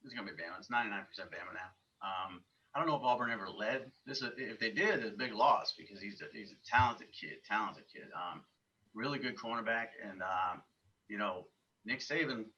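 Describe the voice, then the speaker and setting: A man from the Northeast talks recruiting as a podcast guest, blunt and sure of his picks. His voice is bright and a little low. The audio is muffled and distant, with a faint hiss behind it. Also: a little fast. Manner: blunt, confident opinions. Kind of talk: casual podcast chat.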